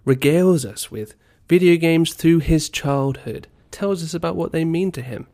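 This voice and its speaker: A man's voice: on the high side, moderate pace, a little mellow. A man hosting a casual podcast, rambling and teasing his co-host, on a poor-quality home mic. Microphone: poor-quality home microphone.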